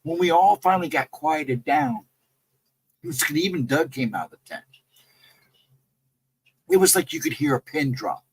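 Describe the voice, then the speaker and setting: This male guest storyteller on a live stream has a fairly high voice whose pitch swoops wildly, and he speaks at a moderate pace with frequent pauses. He casually rambles through a camping-trip ghost story, repeating himself and saying "I mean" and "you know." Noise fills the background.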